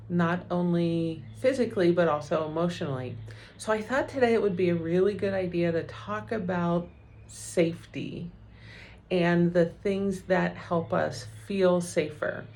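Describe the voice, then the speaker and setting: A middle-aged woman counselor explains things in a calm, gentle, encouraging way and often checks in with "right?". Her voice sits fairly low and carries a gravelly edge, with a faint hiss behind it. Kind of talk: educational video talk.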